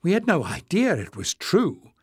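A man's voice: high voice, wildly swooping pitch, normal speed, darkish tone, husky, no echo, studio quality, pitched above the performer's own voice, heavily acted. A man voicing a fierce, urgent young heroine.

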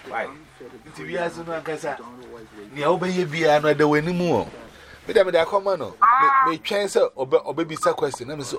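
A man with a Ghanaian accent giving a personal testimony over a video call, telling it with lively storytelling and his pitch leaping up and down. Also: moderate pace.

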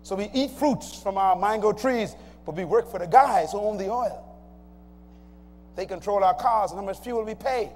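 A man's voice: sits high, normal speed. A man preaching a sermon, emphatic and calling out to the congregation. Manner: emphatic call-and-response preaching. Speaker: pastor. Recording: long hall reverb, faint noise.

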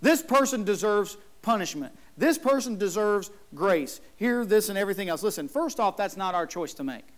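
With a high-pitched, animated voice, a male pastor delivers his church sermon at normal speed with few pauses. He's emphatic throughout and plays out the figures in his tale, among them a whining brother.

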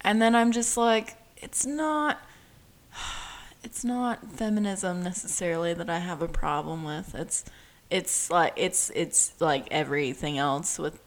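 A woman's voice: on the low side, steady tone, unhurried. A woman co-hosting a casual show recap, blunt and swearing freely, with dry jokes. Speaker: podcast co-host.

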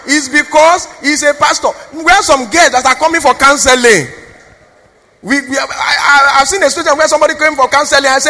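A woman's voice: high voice, fast talker, pushed and bright. A woman with a Nigerian accent preaching a sermon in a church, exhorting the congregation with call-and-response questions. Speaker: preacher, pastor's wife. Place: church hall. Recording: long reverb of a church hall.

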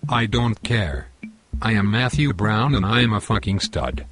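Low flat robot voice , a male tts voice reading a bragging violent football hooligan, faint music under it. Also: a little slow. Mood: boastful threats. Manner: flat robotic text-to-speech delivery.

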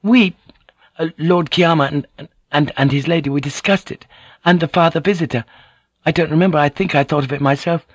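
A frightened teenage boy who stumbles over his words and pleads in a high, strained voice, as a male audiobook reader puts him on. His voice sits well above the reader's own. The sound is dry and slightly dull. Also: fairly quick, husky, no echo. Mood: anxious. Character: anxious teenage boy, heir's youth, trembling.

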